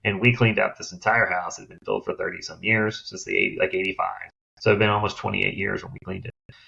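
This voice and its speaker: A middle-aged man, a guest on an interview, telling lively stories and acting out other people's voices. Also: deep voice, quick pace, gravelly, slightly rough. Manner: animated storyteller who acts out others' voices. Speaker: guest, downsizing expert. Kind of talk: interview storytelling. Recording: slightly dull lo-fi sound.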